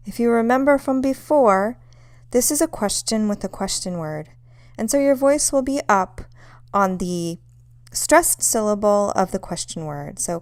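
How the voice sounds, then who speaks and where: A young adult woman teaching a language lesson, speaking in a clear, measured way and saying example sentences slowly. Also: mid-range voice, a little mellow, dry recording. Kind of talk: scripted lesson narration.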